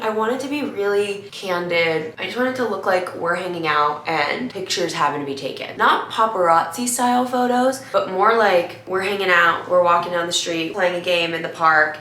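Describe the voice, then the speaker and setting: Bright-voiced woman vlogging, echoey room. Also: mid-range voice. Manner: chatty, bubbly. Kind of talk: casual vlog chat.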